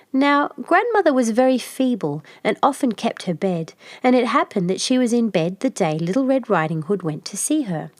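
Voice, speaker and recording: Gentle woman reading a children's story. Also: mid-range voice, no room sound. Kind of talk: scripted storybook narration.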